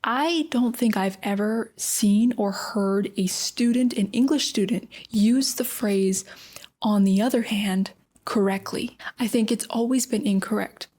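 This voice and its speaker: A woman's voice: mid-range voice, unhurried, darkish tone. A young adult woman with an American accent, talking casually and emphatically as she teaches English in a podcast, with lots of fillers. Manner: chatty and emphatic, many fillers like "like" and "honestly".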